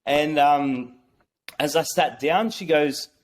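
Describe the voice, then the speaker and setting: A young man telling a personal story as a podcast guest, excited and swearing, often restarting his sentences. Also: on the high side, takes it slowly, a little hiss or hum.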